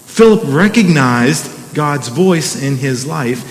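A man's voice: a little high, moderate pace, long reverb tail, rough recording. A middle-aged man preaching a sermon as pastor, talking conversationally, restarting phrases and throwing in "come on" asides.

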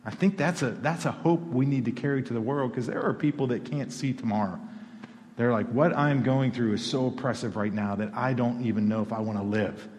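A pastor delivers a sermon in a mid-pitched male voice, talking to the room like a conversation, then pushing up in pitch and volume for emphasis. A long reverb from the church hall trails behind his words. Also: fairly quick, a little mellow. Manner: conversational, rising to emphatic peaks.

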